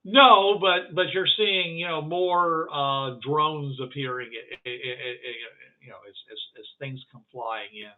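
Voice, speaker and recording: Halting game master on a tinny line. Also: male voice, a little high. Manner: halting, many fillers and restarts. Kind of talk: narrating a tabletop game. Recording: phone-like narrow band.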